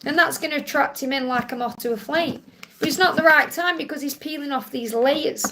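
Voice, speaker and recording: Live tarot host, female: high voice with gravel in it, reassuring and affectionate with viewers. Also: brisk, noisy background. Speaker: tarot card reader and live stream host. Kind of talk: live tarot reading, answering viewer questions.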